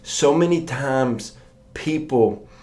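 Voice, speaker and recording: A man preaches a morning sermon in a relaxed, storytelling way. His voice sits at a middle pitch, and he slips into the voices of the people in his stories. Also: takes it slowly. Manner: conversational storytelling, acts out quoted voices.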